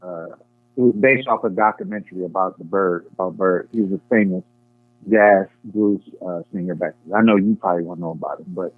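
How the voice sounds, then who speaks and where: A man's voice: deep voice, fairly quick, no echo, narrow, tinny audio. Phone-in co-host, man, dry thin line, easygoing and teasing. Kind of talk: casual chat about movies.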